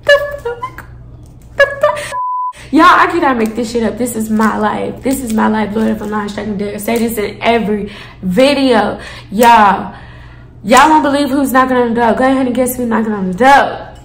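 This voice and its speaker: A woman in her twenties telling a story to her viewers in an animated, dramatic way, swearing freely. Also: on the high side, normal speed, a little hiss or hum. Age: 20s. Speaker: storytime vlogger. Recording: echoey room.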